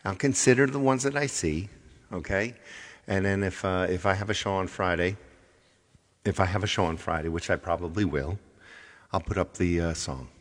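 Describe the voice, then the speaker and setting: At a moderate pace, a low, deep-voiced middle-aged man chats with viewers while hosting and singing on a relaxed livestream. He often fumbles and starts over, giving a mock-stern telling-off to anyone calling out requests.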